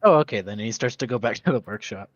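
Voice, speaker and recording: A man's voice: fairly low pitch, animated, fast talker, no room sound. A man playing a tabletop role-play game, describing his character's actions and voicing his questions in a quizzical way. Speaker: player. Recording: dull, dry lo-fi recording.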